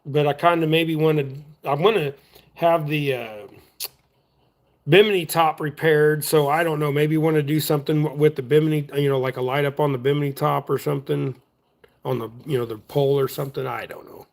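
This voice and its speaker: Easygoing man, slightly high voice. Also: fairly even intonation, fairly quick, creaky. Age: adult. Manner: chatty, drawling, easygoing, talks while working with his hands. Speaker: livestream host. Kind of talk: casual rambling livestream chat.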